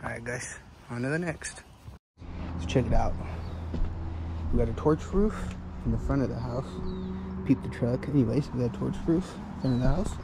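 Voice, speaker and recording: A man's voice: mid-range voice, moderate pace, long pauses. A young male roofer walking rooftops outdoors and casually explaining what he sees, at times out of breath. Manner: loose, explaining as he walks the roof. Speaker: roofing salesman and foreman. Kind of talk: casual walkthrough vlog. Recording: outdoor noise behind the voice.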